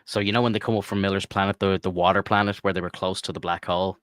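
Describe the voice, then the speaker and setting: A man's voice: sits low, little pitch movement, quick pace, a bit bright, dry recording, studio quality. A man co-hosting a podcast, talking casually and rambling earnestly with many fillers. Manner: rambling, heartfelt, lots of fillers. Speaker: podcast co-host. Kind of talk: casual chat.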